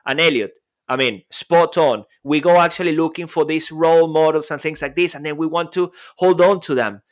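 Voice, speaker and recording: A man co-hosting a podcast in casual chat, lively and jokey, his voice jumping up and down. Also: fairly high pitch, normal speed. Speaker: podcast co-host.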